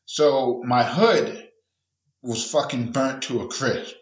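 A man's voice: mid-range voice, slow pace. Profane man rambling in a roomy room. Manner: profane, rambling, acts out quoted voices. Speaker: podcast host. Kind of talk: casual solo rant.

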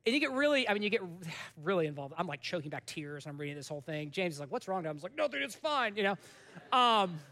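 A man in his thirties, a pastor with a high, light voice, delivers a casual, animated sermon at a quick pace. He speaks conversationally, as if chatting with friends, rising for punchlines and dropping suddenly to a hush for the serious parts of his storytelling.

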